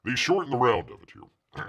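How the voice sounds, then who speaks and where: A man's voice: mid-range voice, huge pitch swings, moderate pace, creaky, fairly bright tone, slightly rough. A man hosting a live stream, chatting casually, joking and rambling, and speaking of himself in the third person. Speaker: livestream host.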